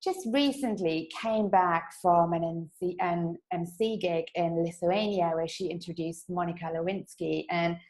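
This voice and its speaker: Woman host for a chatty interview podcast, bubbly, quick to laugh, excited about her guest. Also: lowish voice, low-quality recording. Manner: bubbly and enthusiastic, laughs easily.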